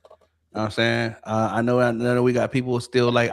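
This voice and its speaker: A man's voice: medium pitch, completely flat delivery, brisk, gravelly, a little hiss or hum. A man co-hosting a casual livestream, blunt and profane, urging his listeners on. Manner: blunt, profane, urging, repeats "you know what I'm saying". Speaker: podcast co-host.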